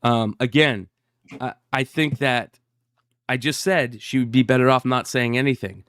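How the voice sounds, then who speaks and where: A man in casual podcast chat, his voice smooth and resonant in a dry, close sound. He talks unhurriedly, stopping and restarting, with plenty of fillers. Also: medium pitch, steady tone, fairly bright tone, no echo. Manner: slow, hesitant, with many fillers and restarts. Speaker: podcast co-host.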